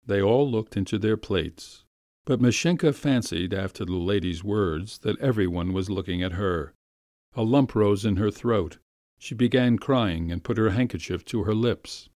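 A man narrating a classic story with a measured, expressive reading. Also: on the low side, no echo, clean studio sound.

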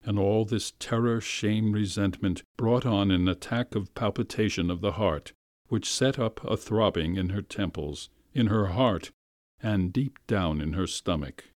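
A man narrating a classic story with a measured, expressive reading. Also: on the low side, no room sound, studio quality.

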